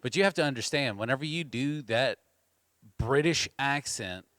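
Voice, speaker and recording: A male podcast host at a middle pitch, chatting loosely with plenty of "like" and "um". He teases his co-host. The mic is close and the sound is dead dry. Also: normal speed, no room sound. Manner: relaxed, rambling, teasing with lots of fillers. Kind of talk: casual chat.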